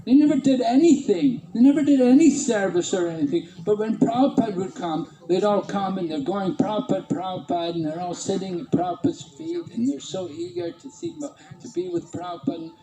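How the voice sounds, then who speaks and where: A man's voice: high voice, lively intonation, a little fast, hardly any pauses, echoey room, a crowd in the background, poor audio. A man casually reminiscing about his early temple days, often chuckling. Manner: warm-humored, chuckling, imitates others. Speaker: devotee reminiscing.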